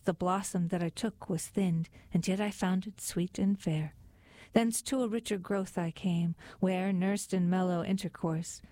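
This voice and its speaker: A woman reading poetry aloud with a measured, rhythmic recitation. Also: medium pitch, mellow, no echo. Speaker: reader.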